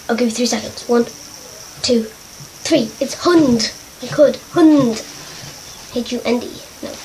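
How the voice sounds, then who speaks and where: A woman's voice: on the high side, a little mellow. A woman vlogging casually, spelling out words letter by letter in a chatty, self-mocking way. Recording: noisy home recording.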